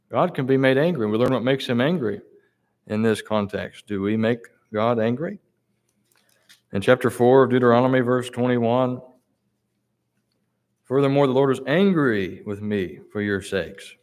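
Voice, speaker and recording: A man delivers a sermon in an ordinary, mid-range voice. He reads scripture aloud, pauses on verse numbers and repeats key words to drive them home. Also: medium pitch. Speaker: preacher.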